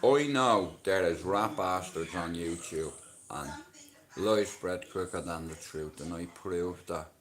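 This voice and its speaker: Slow-talking profane Dublin man. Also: deep voice, fairly bright tone. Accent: Dublin Irish. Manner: rambling, profane, jokey banter. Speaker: livestreamer. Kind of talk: casual live-stream chat.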